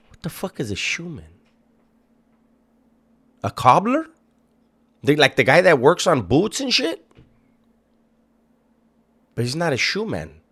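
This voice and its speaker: A man's voice: on the high side, big pitch swings, moderate pace, pauses often, bright, forceful tone, slightly rough. A man hosting a reaction video, making sarcastic, profane and mocking commentary. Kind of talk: casual commentary.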